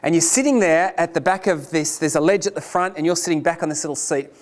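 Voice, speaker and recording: A man giving a lecture, telling a personal story in an animated, self-deprecating way. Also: fairly high pitch, fast talker.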